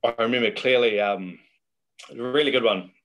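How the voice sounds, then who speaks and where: A man's voice: mid-range voice, normal speed, a bit bright, highs cut off. A middle-aged man, a guest telling chatty, laughing anecdotes in a casual interview.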